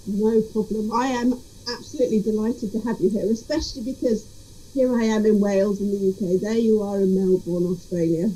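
A woman's voice: mid-range voice, fairly even intonation, fairly quick, warm tone, husky, rough recording. A woman hosting a podcast, giving an upbeat scripted intro and then chatting with a remote guest. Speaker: podcast host.

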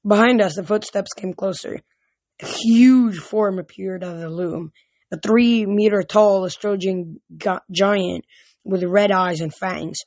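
An amateur audiobook narrator reading a first-person adventure aloud, stumbling and going back over words now and then. The voice sits at an average pitch, recorded close and dry with no room sound. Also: fairly even intonation, dry recording. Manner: halting, with frequent restarts. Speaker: audiobook reader.

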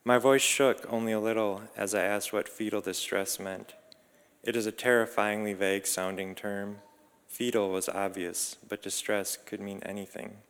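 Man reading a reflective story, calm and measured, flat low voice, long reverb. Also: clean tone. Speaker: narrator.

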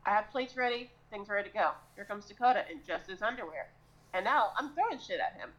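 Crude, lively woman podcaster. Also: medium pitch, fast talker, low-quality recording. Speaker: podcast co-host. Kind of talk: casual comedic storytelling.

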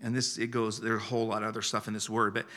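Bright-voiced guest preacher, chuckling often. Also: male voice, lowish voice, little pitch movement, rapid-fire. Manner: emotional, chuckling, earnest. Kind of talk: sermon.

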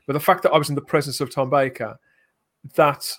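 A man's voice: on the high side, fairly even intonation, fairly quick, fairly bright tone. A man co-hosting a podcast, chatting casually and keenly. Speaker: podcast co-host. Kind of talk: casual chat.

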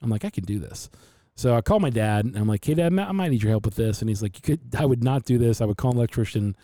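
A man on a podcast, casually telling animated stories and acting out his father's voice. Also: medium pitch, fast talker, no echo. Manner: animated storyteller who acts out his dad's voice. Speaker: podcast host. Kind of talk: casual storytelling chat.

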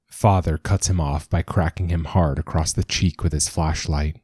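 A man reading a dramatic story as narrator, in a measured storytelling manner. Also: very deep voice, fairly even intonation, darkish tone, breathy edge, no echo, clean studio sound. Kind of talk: scripted narration.

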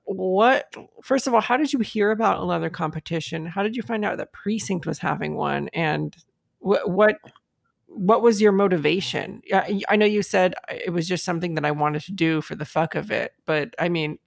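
A podcast host with a strongly gravelly, fry-heavy voice, laughing often while asking probing questions. The room is dry and close, with no echo. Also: mid-range voice, normal speed. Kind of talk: casual interview.

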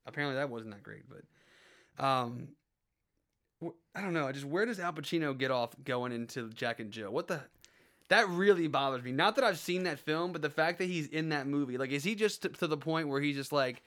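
Man, casual co-host. Smooth, clear voice, pitched a little high. Rambles and restarts. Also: expressive, brisk, fairly bright tone. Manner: rambling, many fillers and restarts. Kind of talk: casual chat.

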